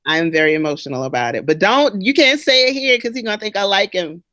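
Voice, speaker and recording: A woman's voice: medium pitch, lively intonation, quick pace, a bit bright, no room sound. A woman co-hosting a podcast, chatty and joking, talking expressively. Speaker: podcast co-host. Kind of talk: casual chat.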